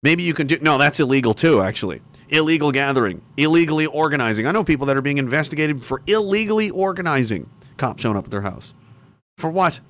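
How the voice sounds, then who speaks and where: A man's voice: a little high, animated, quick pace. Profane, sarcastic man ranting. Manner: angry, profane and sarcastic, with bursts of mocking shouting. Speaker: livestream host. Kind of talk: profane livestream rant.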